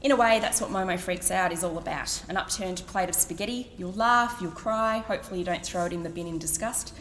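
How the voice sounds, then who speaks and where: A middle-aged Australian woman with a lowish voice reads her own blog aloud at a book event, brisk and a bit bright. She's wry and self-mocking, laughing between phrases, while the hall adds long reverb and slight background noise.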